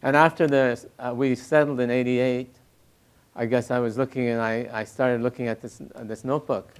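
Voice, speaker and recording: Older male interviewee, reflective, stop-start phrasing with soft laughs, mid-pitched voice. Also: little pitch movement, smooth. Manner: halting, many restarts, soft laughs. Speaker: poet and critic interviewee.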